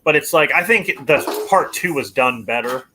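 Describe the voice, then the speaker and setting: A man's voice: a little high, moderate pace, background noise. A man co-hosting a casual movie chat, talking hesitantly with many restarts. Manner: hesitant, full of restarts, animated. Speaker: podcast co-host.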